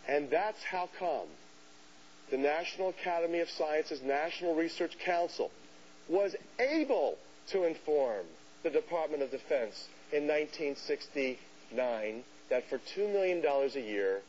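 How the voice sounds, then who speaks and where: A man giving a lecture to an audience, telling a story in an animated way and acting out the voices of people he quotes. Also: mid-range voice. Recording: dull hissy lecture recording.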